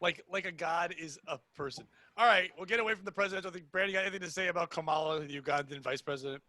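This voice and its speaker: A man co-hosting a comedy podcast, ranting loudly and crudely, swearing often. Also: a little high, very fast, no echo. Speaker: podcast co-host. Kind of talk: casual comedic podcast banter.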